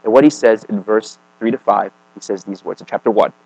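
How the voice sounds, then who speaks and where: A man preaching a sermon in a casual, conversational way, often checking in with "right?" and "okay?", swinging between emphatic and quiet. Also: lowish voice, fairly quick, gravelly, no echo, rough recording.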